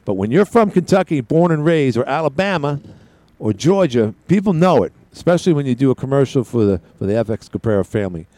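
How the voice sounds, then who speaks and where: A man's voice: medium pitch, sing-song, fast talker, dark tone, dry recording. A man hosting a call-in talk radio show, rambling casually with frequent restarts. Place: radio studio.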